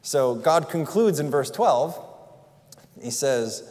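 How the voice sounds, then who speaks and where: Male pastor, earnest conversational sermon, fairly high voice, reverberant hall. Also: lively intonation, slow, a little mellow. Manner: earnest, conversational preaching with rhetorical questions. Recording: long reverb in a large hall.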